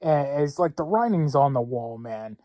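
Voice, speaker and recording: A man's voice: mid-range voice, lively intonation, normal speed, dark tone, no echo. A man hosting a political commentary show, talking through the news in a casual, rambling way with blunt opinions, many fillers and restarts, and a close, dry sound.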